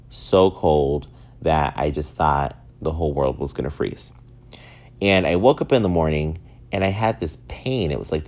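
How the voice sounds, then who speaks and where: A man in his thirties from upstate New York, telling self-mocking stories in a casual, animated way. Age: 30s. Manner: animated, self-mocking, swings up high for acted quotes. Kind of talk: casual storytelling monologue.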